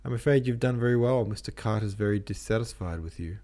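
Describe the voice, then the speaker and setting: A man's voice: lowish voice, fast, dark tone, natural voice. A man voicing a small, disapproving managing clerk who mildly scolds. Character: funny little middle-aged managing clerk, disapproving.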